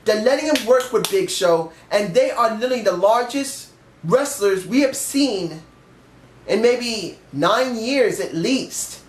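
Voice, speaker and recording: A man's voice: high voice, expressive, unhurried. Opinionated man in an echoey room. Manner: rambling, emphatic, candid. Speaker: wrestling show reviewer. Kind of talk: casual opinionated review.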